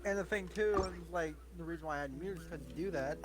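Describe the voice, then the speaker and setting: A man's voice: fairly high pitch, fast. A man telling rambling, swear-filled stories in casual chat during a game stream. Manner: rambling storyteller, swears often. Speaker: streamer's friend. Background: game music.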